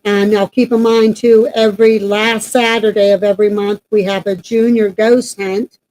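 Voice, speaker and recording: A woman talks in a loose, rambling way, full of ums and restarts. Her voice is mellow and dark, set at an ordinary pitch for a woman. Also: flat delivery, moderate pace, rough recording. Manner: chatty, rambling with many fillers. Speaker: paranormal team member and co-host. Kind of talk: casual announcement chat.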